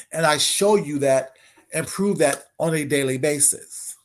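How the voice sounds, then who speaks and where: A man giving a brash, confrontational casual monologue as an online commentator. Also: on the high side.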